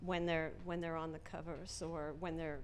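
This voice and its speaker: A woman asking halting questions as the moderator of a panel talk. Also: deep voice, flat delivery, a little hiss or hum.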